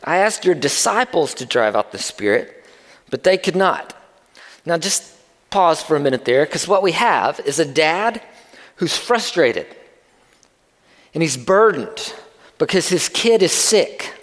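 A pastor preaches to his congregation in a casual, conversational way, often stopping to ask them questions. His voice sits high for a man. It rings out with the long reverb of a large hall. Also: lively intonation, unhurried, long pauses, fairly bright tone. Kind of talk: sermon.

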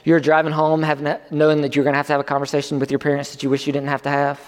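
A male pastor preaching in a casual, conversational way, his fairly high voice climbing when he presses a point. The sound rings out with the long reverb of a church hall. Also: monotone, very fast. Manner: conversational preaching, rising in pitch for emphasis. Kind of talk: sermon.

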